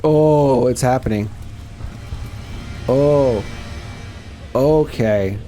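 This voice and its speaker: A man casually talking through a spooky game as a gaming channel host, rambling and reacting excitedly. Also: mid-range voice, drawn-out words, soft background music. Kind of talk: casual let's-play commentary.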